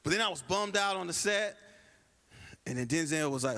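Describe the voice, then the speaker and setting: A man's voice: a little high, normal speed, pauses often. A man doing a stand-up comedy set at a church comedy night, telling stories and acting out the people in them. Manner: animated storytelling, acts out quoted people.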